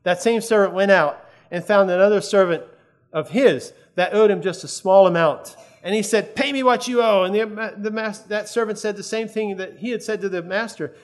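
A man's voice: sits high, normal speed. A man preaching a sermon in an earnest, conversational way, often checking that his listeners follow.

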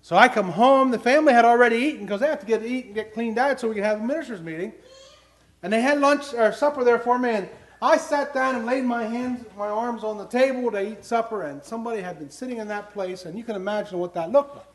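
A man's voice: extremely high pitch, quick pace. A middle-aged man preaching a sermon, telling personal stories in an earnest way and building to emphatic questions.

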